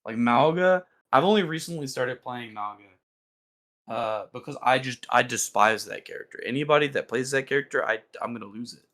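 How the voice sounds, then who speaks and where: A young man co-hosting a casual esports podcast, rambling excitedly with lots of fillers and restarts. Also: mid-range voice, brisk. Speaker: podcast co-host.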